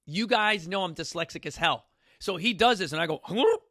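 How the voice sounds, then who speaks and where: A man talks casually to a studio audience, full of energy and acting out bits of his stories. His voice sits high and sounds bright. The recording is dry and close. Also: fairly quick, no room sound. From New York City. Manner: animated, repeats "you guys", acts out quotes. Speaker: fitness coach hosting a talk.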